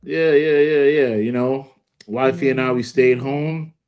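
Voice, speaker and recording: A man's voice: medium pitch, fairly even intonation, a little slow, darkish tone, clear, resonant tone. A man co-hosting a podcast in loose, joking casual chat, often tagging his lines with "you feel me". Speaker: podcast co-host.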